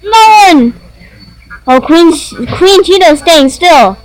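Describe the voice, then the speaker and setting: A young woman casually commenting while playing a game, excitable and giggly. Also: high voice, poor audio. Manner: excitable, giggly, slow and drawn-out. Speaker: game player.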